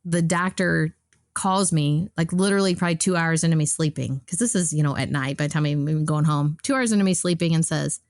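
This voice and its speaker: A woman's voice: low-pitched, fairly quick, no echo, studio quality. A woman guest on a podcast, telling a personal story in a casual, rambling way with many fillers and restarts.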